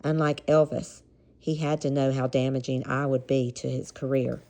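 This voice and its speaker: Low mellow Southern woman reading aloud. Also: level tone, moderate pace. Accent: American Southern. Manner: casual, chuckling asides between passages. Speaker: reader. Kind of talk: reading a memoir aloud with asides.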